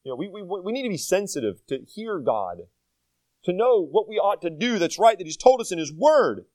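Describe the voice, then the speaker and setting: A man's voice: sits high, very animated, moderate pace, darkish tone, no echo. An older man preaching a sermon as pastor, folksy and self-deprecating, asking the congregation rhetorical questions.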